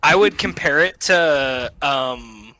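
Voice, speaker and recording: A young man hosting a casual film podcast, excitable and quick to swear and laugh. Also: on the high side, no room sound. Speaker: podcast host. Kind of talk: casual chat.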